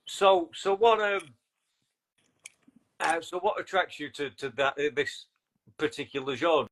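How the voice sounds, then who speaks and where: A man's voice: on the high side, unhurried, fairly bright tone. A man hosting a casual podcast chat, joking and laughing often with his guests. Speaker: podcast host.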